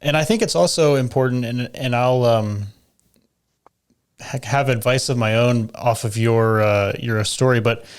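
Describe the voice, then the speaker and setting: A man hosting a podcast, asking relaxed questions and encouraging his guest. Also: medium pitch, unhurried, clear, resonant tone. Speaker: podcast host. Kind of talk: casual interview.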